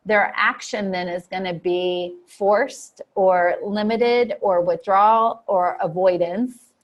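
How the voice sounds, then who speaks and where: A woman's voice: medium pitch, fairly even intonation, takes it slowly, dull audio. A woman coach teaching an online lesson for coaches, explaining steadily with frequent fillers and acting out client quotes. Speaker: coach trainer.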